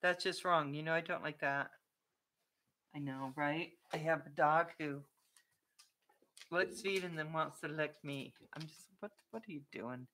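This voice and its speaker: Slow, low-pitched chatty woman vlogger. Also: pushed and bright, a little hiss or hum. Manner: chatty and playful, often laughing and talking to her dog. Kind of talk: casual live-stream chat.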